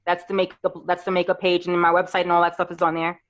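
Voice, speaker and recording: Animated woman in her thirties, slightly dull audio. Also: on the low side, fast talker. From New York. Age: 30s. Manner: animated storyteller, acts out friends' voices. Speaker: podcast guest, makeup artist. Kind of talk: casual podcast interview.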